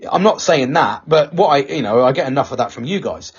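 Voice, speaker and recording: Husky, swearing man chatting. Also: medium pitch, big pitch swings, quick pace, few pauses. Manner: candid, heavy swearing, rambling restarts. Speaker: podcast host. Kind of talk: casual chat. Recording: dull lo-fi sound.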